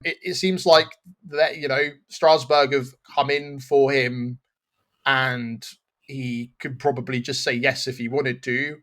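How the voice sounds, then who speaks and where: A man's voice: medium pitch, steady tone, unhurried, a bit bright. A man hosting a football podcast, chatting casually and rambling, laughing at his own slips. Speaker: podcast host. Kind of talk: casual chat.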